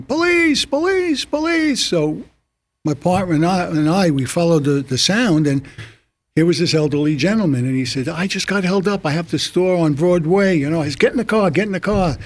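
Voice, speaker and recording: A man's voice: a little high, darkish tone. An older man, a retired police officer, on a studio panel, telling long stories with many restarts. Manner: rambling anecdotal storytelling, many restarts. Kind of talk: panel discussion on community TV.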